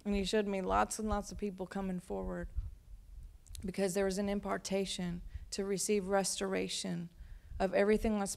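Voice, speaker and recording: A woman's voice: mid-range voice, vocal fry, darkish tone. A woman pastor giving a sermon in a chatty, storytelling manner.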